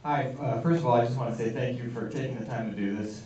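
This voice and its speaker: A man's voice: mid-range voice, fairly even intonation, fast, over a noisy crowd. A man in the audience asking a question, polite and a little hesitant. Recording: echoey hall, distant, dull, noisy.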